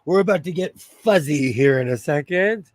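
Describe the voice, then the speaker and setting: A middle-aged man from Pennsylvania hosting a casual sewing livestream, chatting to viewers and laughing often, slightly hoarse and under the weather. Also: on the high side, expressive, moderate pace, dry recording. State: slightly hoarse, feeling unwell. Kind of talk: casual live-chat while sewing.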